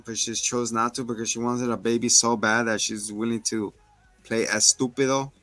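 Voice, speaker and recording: A man co-hosting a podcast, retelling film scenes in an animated, slangy way. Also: mid-range voice, normal speed, no echo, soft background music. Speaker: podcast co-host reviewing a film. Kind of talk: casual chat.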